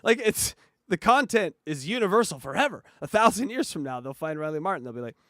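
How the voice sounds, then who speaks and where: A man's voice: on the high side, sing-song, fast, a bit bright, dry recording, clean studio sound. Joking man on a casual podcast. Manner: joking, laughs often. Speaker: podcast host.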